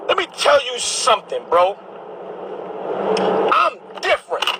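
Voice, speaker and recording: A man's voice: very high voice, sing-song, moderate pace, pauses often, pushed and bright, slight background noise, rough recording. A man from Brooklyn, a bishop delivering a heated, combative monologue to camera, repeating his phrases as he preaches. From Brooklyn, New York.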